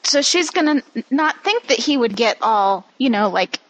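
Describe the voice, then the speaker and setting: A woman from the United States, chatting casually on a podcast in a thoughtful, halting way. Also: on the high side, animated, poor audio. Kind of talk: casual chat.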